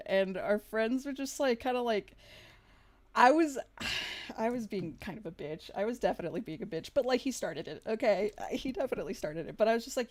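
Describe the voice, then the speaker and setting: A woman's voice: a little high, lively intonation, brisk, darkish tone. A young woman vlogger casually telling a story, rambling with lots of "like", swearing freely and laughing along. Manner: chatty, laughs through the story.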